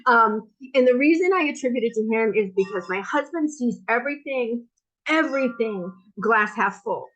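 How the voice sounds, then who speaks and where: A woman guest answering an interview question in a lively, talkative way, likely in her fifties. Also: fairly high pitch, moderate pace, lo-fi sound. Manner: lively, talkative, self-described wild card. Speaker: guest, esthetician business founder.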